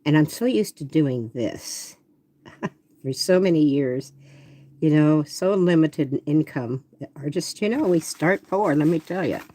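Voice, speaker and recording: Older woman artist with a mellow, husky voice who talks to herself while drawing. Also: low-pitched, lively intonation, measured pace. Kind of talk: casual drawing demonstration.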